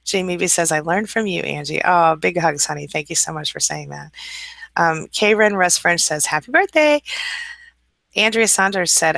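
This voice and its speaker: A woman hosting a casual live stream, reading out viewer comments and answering them with a warm, chatty manner. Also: low-pitched, gravelly, no echo.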